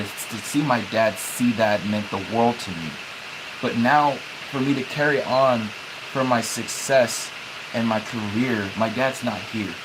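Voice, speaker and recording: A young man livestreaming, speaking haltingly as he holds back tears, with many restarts and repeated words. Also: on the low side, noisy background. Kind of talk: emotional livestream talk.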